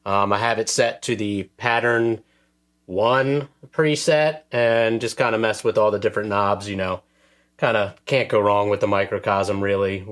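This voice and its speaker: A man casually explaining how he arranges a track on a music sampler, relaxed and full of fillers like "um" and "uh". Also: fairly low pitch, moderate pace. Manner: relaxed, filler-heavy, self-deprecating. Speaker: music producer demonstrating a track. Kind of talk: casual tutorial talk.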